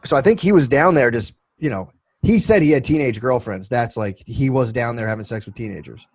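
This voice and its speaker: A man's voice: medium pitch, lively intonation, a little fast, darkish tone, no echo, rough recording. Profane rambling podcast guy. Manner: loose, profane storytelling with many restarts. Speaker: podcast co-host. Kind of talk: casual podcast banter.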